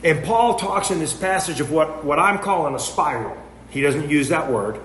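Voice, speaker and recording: A man preaching a sermon, earnest and emphatic, posing rhetorical questions and drawing sharp contrasts. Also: on the high side, lively intonation, moderate pace. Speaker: pastor. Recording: echoey room with faint noise.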